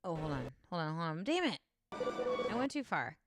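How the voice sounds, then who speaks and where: A woman's voice: on the low side, big pitch swings, normal speed. A young woman casually chatting and reacting to a video, rambling and swearing, reading viewer comments aloud. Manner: chatty, profane, rambling, reads chat aloud. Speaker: streamer. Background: music.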